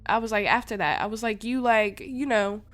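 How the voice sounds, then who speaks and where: A woman's voice: medium pitch, normal speed, faint music behind. Young woman telling a raw story. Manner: animated, slangy, swears freely. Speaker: podcast host. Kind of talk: casual storytelling monologue.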